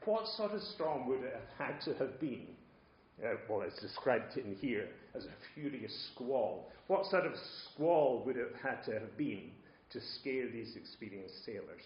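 Man preaching, mid-pitched, dynamic from soft to loud, echoey room sound. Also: big pitch swings, a little slow, a little hiss or hum. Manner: dynamic, swings from quiet asides to loud emphasis. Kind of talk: sermon. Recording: roomy, slightly dull sound.

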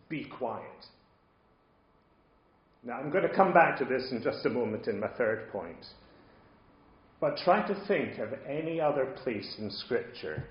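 A man preaching a sermon, moving between quiet asides and loud, emphatic points. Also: medium pitch. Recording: roomy, slightly dull sound.

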